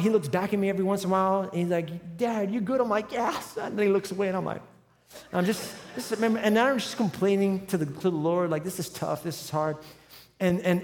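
A male pastor in his forties with a fairly high voice, telling a funny story to his congregation. He swings from quiet asides into loud, driving emphasis, and his voice rings with the long reverb of a large church hall. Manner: storytelling, humorous, builds to loud emphatic runs. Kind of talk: sermon.

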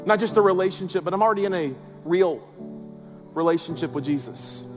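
A man preaching a sermon with a notably high voice, talking to his congregation in an easy, conversational way that keeps building emphasis. He asks question after question of the room. His voice rings out in a big hall with a long echo, and soft music plays underneath. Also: a little fast. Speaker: pastor. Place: large church auditorium.

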